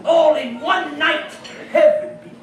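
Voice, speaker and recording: An actor playing the old miser Scrooge, now reformed, gushing and laughing in a live staged radio play. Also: male voice, extremely high pitch, slow pace, slight background noise. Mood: jovial. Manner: breathless, gushing, laughing between phrases. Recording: echoey room, heard from far off with music.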